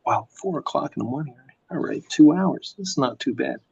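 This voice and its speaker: A man's voice: a little high, animated, brisk, vocal fry, darkish tone, slightly rough, lo-fi sound. A man, a comic artist, chatting casually and telling rambling stories while he draws late at night. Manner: rambling storyteller, lots of fillers. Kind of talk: casual chat while drawing.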